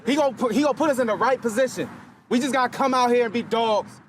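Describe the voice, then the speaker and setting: Man, high strained voice, shouting, locker-room pep talk, profane, faint ambience. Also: quick pace, slight background noise. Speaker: football player addressing team. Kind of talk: locker-room motivational speech.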